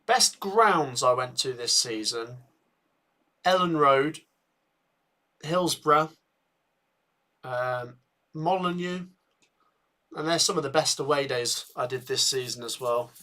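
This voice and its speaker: Bright-voiced fan commentating live. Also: male voice, medium pitch, takes it slowly, pauses often. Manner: excitable bursts at chances, chatty with viewers. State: tired, yawning. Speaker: football watchalong host. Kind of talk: live match commentary and chat.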